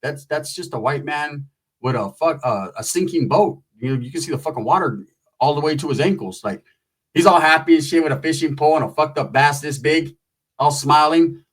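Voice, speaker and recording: A man's voice: on the high side, a little fast, rough recording. A man doing stand-up comedy, telling a rambling, profane story and slipping into voices of the people in it. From Mexican-American.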